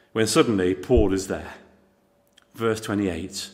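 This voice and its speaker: A man's voice: lowish voice, very animated, measured pace. Dramatic storytelling male preacher. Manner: dramatic storytelling, swings between loud emphasis and quiet intensity; speaks to the congregation directly with rhetorical questions. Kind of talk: sermon.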